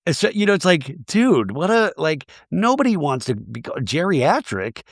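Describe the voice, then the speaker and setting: A male podcast host rattles through a reality-show recap in a casual comedic way, his pitch swinging up and down all the time. He rambles and drops jokey asides. The sound is close and dry, with no room echo. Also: very animated, normal speed, creaky.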